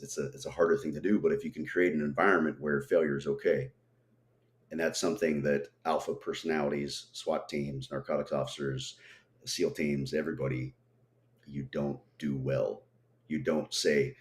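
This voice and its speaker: A man with an extremely low, deep voice talks through team training and failure in a relaxed podcast conversation. He gets animated and acts out the people he quotes along the way. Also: brisk. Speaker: guest, tactical trainer.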